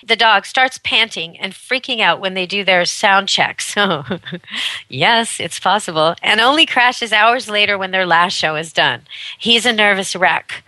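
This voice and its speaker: A woman's voice: mid-range voice, measured pace, bright, forceful tone, dry recording, rough recording. A woman hosting a pet radio show, talking casually and chattily, amused and laughing often as she tells stories. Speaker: radio show host, dog camp owner. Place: rural dog camp in Canada.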